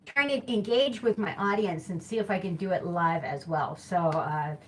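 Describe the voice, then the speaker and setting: A woman with a Midwestern accent hosts a live stream with a slightly low voice. She talks in a loose, rambling way and keeps correcting herself mid-sentence. A faint background hiss sits under her voice. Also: normal speed. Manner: chatty, rambling, self-correcting. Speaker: host of a live hula hooping show. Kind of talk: casual live-stream chat.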